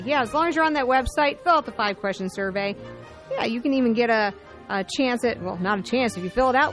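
A woman co-hosting a radio health show, chatty and teasing, laughing often. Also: fairly high pitch. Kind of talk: casual radio chat.

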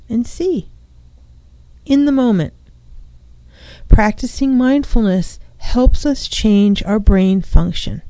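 With a mellow mid-range voice and no room sound, a woman therapist reflects aloud on her own feelings while hosting a radio talk show. She's in a small studio, using a studio microphone and headphones.

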